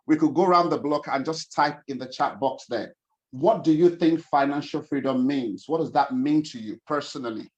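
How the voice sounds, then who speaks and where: A man, a financial coach hosting an online webinar over a video call, chatty and upbeat, greeting attendees by name. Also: mid-range voice.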